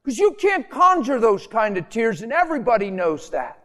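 A male preacher telling stories in an impassioned sermon, swinging from loud, animated delivery to hushed, intimate tones. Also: very high-pitched, moderate pace. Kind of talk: sermon with storytelling.

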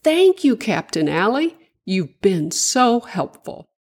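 A woman voicing an eager, excited young male creature in a children's storybook, with raised, shouting greetings. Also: medium pitch, slow, pitched above the performer's own voice, heavily acted. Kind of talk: storybook voice acting.

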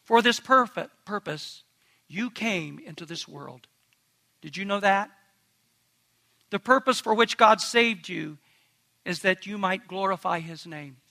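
A man's voice: high-pitched, expressive, a little slow, vocal fry, pauses often, sharp tone. A man pastor preaching a sermon in an earnest, emphatic way, asking the congregation direct questions.

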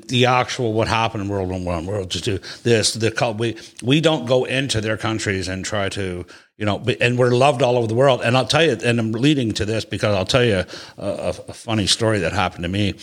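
A man hosting a casual chat, telling a long, rambling story with lots of restarts and swearing. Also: fairly low pitch. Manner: rambling, profane, animated storyteller with many restarts.

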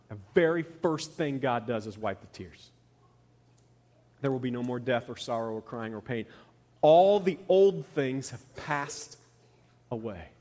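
A man in his thirties preaching a conversational sermon as a pastor, often dropping to a soft, quiet voice. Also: a little high, long reverb tail.

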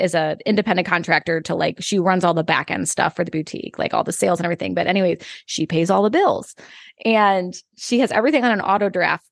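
A young woman co-hosting a casual podcast, telling a lively story with laughs and acted-out quotes. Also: on the low side, vocal fry, no room sound, studio quality. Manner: animated storyteller, acts out quoted voices, laughs often. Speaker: podcast co-host, salon owner.

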